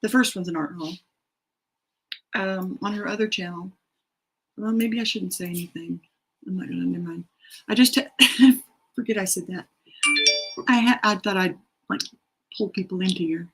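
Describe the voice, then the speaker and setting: A woman's voice: fairly low pitch, fairly even intonation, normal speed, long pauses, slightly rough, rough recording. A middle-aged woman hosting a writing sprint stream from her home, chatting casually and rambling with self-deprecating asides. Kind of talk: casual livestream chat, reading out comments. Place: home room.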